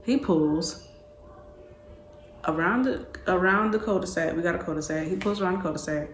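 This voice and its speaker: Woman in her twenties, vlog storyteller, lively slangy delivery, somewhat low voice, echoey room. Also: moderate pace, a little hiss or hum. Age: 20s. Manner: animated, slangy, repeating phrases. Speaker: vlogger. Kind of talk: casual storytelling. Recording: echoey room with faint ambience.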